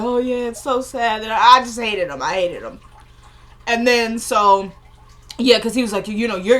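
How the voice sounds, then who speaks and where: A woman casually recapping a TV episode in a chatty, mid-pitched voice. She retells the scenes by quoting the characters' lines and breaks off for exasperated asides of her own. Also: a bit bright. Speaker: show recapper.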